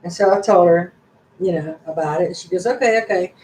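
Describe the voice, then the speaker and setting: A woman's voice: lowish voice, brisk, a little mellow, a little hiss or hum. An older woman hosting a casual live-stream chat, rambling along in a folksy, chatty way. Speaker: channel host. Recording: echoey room.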